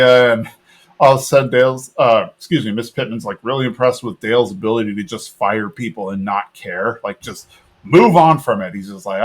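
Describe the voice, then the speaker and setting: A man's voice: mid-range voice, normal speed. Easygoing man rambling through an episode recap. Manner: rambling, lots of fillers and laughs. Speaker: podcast co-host. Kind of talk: casual recap chat.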